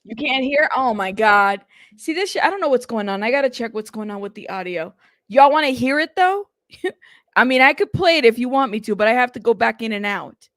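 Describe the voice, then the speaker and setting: A woman's voice: on the high side, lively intonation, fairly quick, a bit bright, dry recording, studio quality. A woman hosting a casual reaction commentary stream, chatty and exasperated, often laughing. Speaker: commentary channel host.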